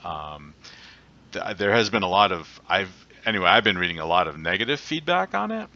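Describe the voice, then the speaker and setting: Deep-voiced man, bright, lo-fi podcast. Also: big pitch swings, a little fast. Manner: rambling, many fillers and restarts. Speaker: co-host. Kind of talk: casual tech podcast chat. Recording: dull lo-fi sound.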